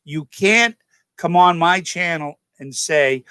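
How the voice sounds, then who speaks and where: A man's voice: on the high side, takes it slowly, sharp tone, smooth, dry recording. A man hosting his own channel, talking straight to viewers in a rambling, emphatic monologue that repeats points and corrects itself mid-sentence. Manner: addresses viewers directly as "folks". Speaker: channel host. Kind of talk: casual political and religious monologue to camera.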